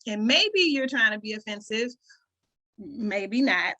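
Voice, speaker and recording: Woman, Southern country twang, bright voice, casual host, chatty with check-ins. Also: on the high side, expressive, slow. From rural southern United States. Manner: conversational, frequent "right?" check-ins, occasional laughs. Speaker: community call host. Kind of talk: casual talk to an online group.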